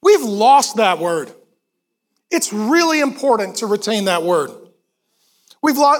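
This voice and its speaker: High-voiced man preaching emphatically. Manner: emphatic, animated preaching with quick asides to the congregation. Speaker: pastor. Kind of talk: sermon. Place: church auditorium before a congregation.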